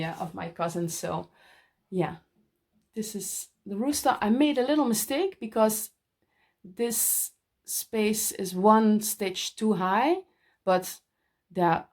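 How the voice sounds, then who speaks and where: A middle-aged woman with a Dutch accent, showing her cross-stitch in a casual vlog and often pausing to find her English words. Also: medium pitch, darkish tone. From Netherlands. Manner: halting, searching for English words. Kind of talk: casual show-and-tell vlog.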